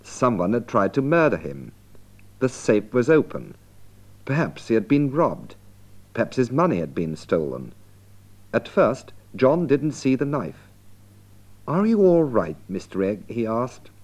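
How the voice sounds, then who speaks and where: A man giving slow, deliberate scripted narration for language learners. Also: mid-range voice, big pitch swings, a little mellow.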